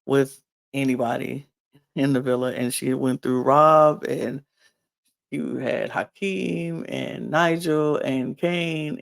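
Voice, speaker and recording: A woman's voice: very deep voice, vocal fry. A woman casually recapping a reality show, chatty and rambling with frequent ums and restarts. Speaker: podcast recapper.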